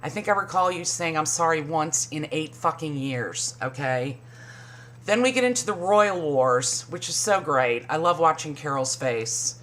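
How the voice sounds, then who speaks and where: A woman's voice: a little slow, a bit bright. A woman recapping a reality show in casual, profane commentary, sarcastic and mocking. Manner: sarcastic, swears a lot, mimics people in high voices.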